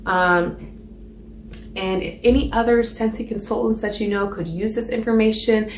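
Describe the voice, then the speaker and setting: A woman's voice: mid-range voice, steady tone, normal speed, a little hiss or hum. Rambling woman coaching in an echoey room. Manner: rambling, chatty, many fillers and restarts. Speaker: sales trainer. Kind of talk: casual spoken training talk.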